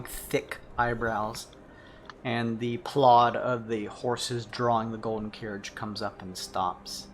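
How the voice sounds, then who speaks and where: A man's voice: mid-range voice, gravelly, a little hiss or hum. A man narrating a tabletop role-playing game as game master, describing scenes with frequent restarts.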